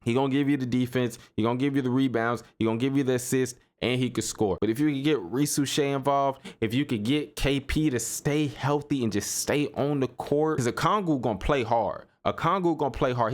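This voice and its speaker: A young man hosting a casual solo basketball podcast, talking in a loose, animated way, repeating himself and laughing as he riffs on games. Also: medium pitch, a little fast, hardly any pauses. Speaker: sports podcast host. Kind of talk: casual solo sports commentary.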